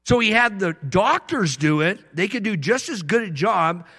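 A pastor giving a sermon in a conversational way, moving between loud emphasis and quiet asides. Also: male voice, high-pitched, expressive, moderate pace, husky, in a large hall.

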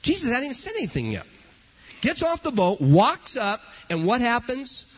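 A male preacher delivers an emphatic sermon in a high, husky voice that rises and falls dramatically. He hammers his points with repeated phrases. The recording sounds dull and lo-fi. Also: huge pitch swings, normal speed.

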